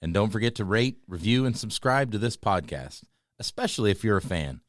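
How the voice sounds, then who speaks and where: A man's voice: lowish voice, expressive, fairly quick, no echo. A man reading a scripted podcast outro in an upbeat announcing manner. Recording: dry mic with faint music behind.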